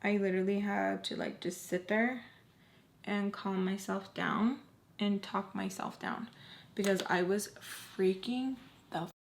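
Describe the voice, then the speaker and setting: A young woman in her twenties tells a personal story to the camera in a casual storytime, her mid-range voice unhurried and creaky. She peppers her sentences with "like" and sometimes sinks to a near whisper when things get tense. There's slight background noise.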